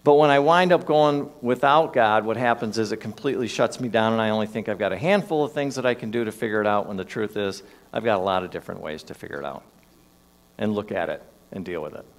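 In a church sanctuary, a minister delivers a sermon built around a personal story, speaking conversationally with shifting emphasis. His voice is fairly low in pitch and his delivery is fast.

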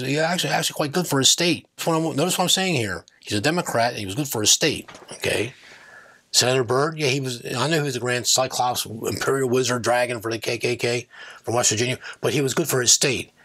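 Guy ranting politics on his channel, husky voice, keeps going off on tangents. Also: mid-range voice, pushed and bright. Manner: combative, digressive, self-correcting. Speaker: political commentary channel host.

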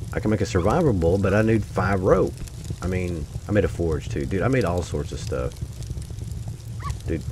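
Deep-voiced gamer, swinging pitch. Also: male voice, darkish tone, a little hiss or hum. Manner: talks to himself, bursts into exasperated curses. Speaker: let's-play host. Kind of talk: let's-play commentary.

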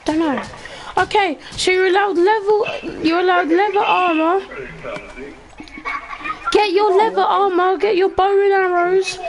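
A man's voice: very high-pitched, fairly even intonation, unhurried, long pauses, crowd noise. A male streamer running a block-building game, clowning around, giving bossy orders and breaking into mock singing. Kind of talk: casual livestream chat.

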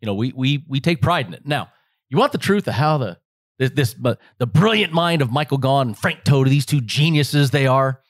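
An American man from Las Vegas in his forties, a guest in an interview, telling animated, joking stories and acting out the voices of his family. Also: medium pitch, a little fast, dry recording, studio quality. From Las Vegas, United States. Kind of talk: casual interview storytelling.

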